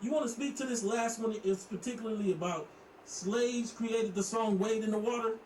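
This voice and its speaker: A man's voice: high-pitched, moderate pace, darkish tone, echoey room, far from the mic, a little hiss or hum, poor audio. A male host reviewing tweets, indignant and critical. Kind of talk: reviewing and reading tweets aloud.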